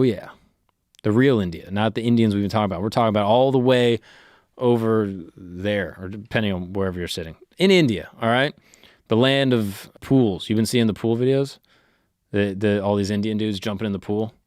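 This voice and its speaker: A man's voice: on the low side, darkish tone, no echo, clean studio sound. A man hosting a comedic history podcast, reading facts and breaking off into irreverent joking asides. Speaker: podcast host.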